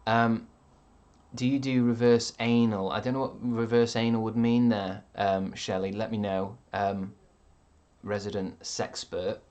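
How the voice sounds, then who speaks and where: A man's voice: on the low side, little pitch movement, a little slow, a little mellow, muffled recording. A man streaming live, reading out chat with rambling dry jokes and lots of ums.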